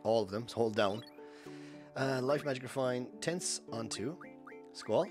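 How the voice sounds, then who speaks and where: A man's voice: medium pitch, a little slow, music in the background. A man streaming a speedrun, chatting casually and explaining each step to viewers as he plays. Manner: chats with viewers between instructions. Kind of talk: live gameplay commentary.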